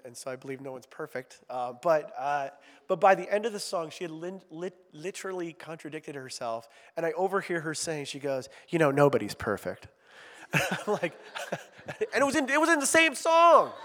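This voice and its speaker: Pastor preaching in a reverberant hall. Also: male voice, sits high. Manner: chatty, self-deprecating humor with asides. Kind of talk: conversational sermon. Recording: long reverb of a large hall.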